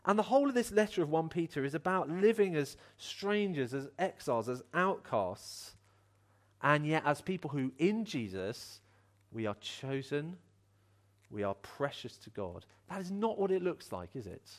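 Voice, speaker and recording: A man's voice: a little high, moderate pace. A man preaching a sermon in an earnest, encouraging way, acting out voices as he tells stories. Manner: animated, acts out voices in a story.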